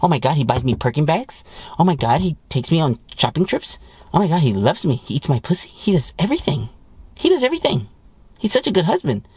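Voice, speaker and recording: A man's voice: fairly high pitch, sing-song, a little fast, a little mellow, slightly rough, no room sound, pitched above the performer's own voice, full character voice. A man mimicking a gushing, bragging wife. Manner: breathless, gushing, mocking. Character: bragging young wife gushing over husband.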